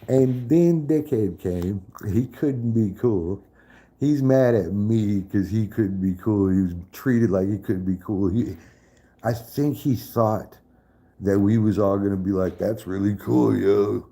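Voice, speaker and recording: A man's voice: on the low side, unhurried, mellow. A man in a casual live stream chat, profane and trash-talking, laughing often.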